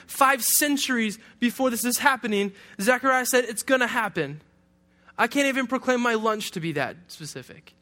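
Man from Detroit, pastor, high voice, joking conversational sermon, young adult. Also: animated, normal speed, bright, forceful tone. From Detroit, USA. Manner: humorous, conversational preaching with asides.

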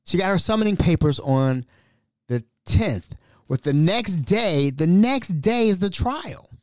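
A man hosting a podcast, telling a family story in a casual, animated and exasperated way. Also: sits high, unhurried, no echo, clean studio sound. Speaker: podcast host.

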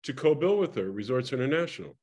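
An older man, a guest in an interview, tells a lively story from his performing days, laughing often and restarting his sentences. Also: medium pitch, quick pace. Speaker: interview guest, former actor and singer. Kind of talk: casual anecdotal storytelling.

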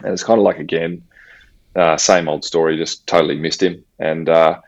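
A man's voice: sits low, level tone, normal speed, gravelly, dry recording. An Australian man telling a personal story in casual conversation, with slang and acted-out dialogue. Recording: slightly dull, dry audio.

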